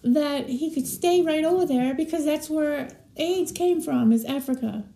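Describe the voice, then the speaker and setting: A woman's voice: high-pitched, unhurried, gravelly, warm tone. A woman as guest in a casual vlog chat, dry and blunt.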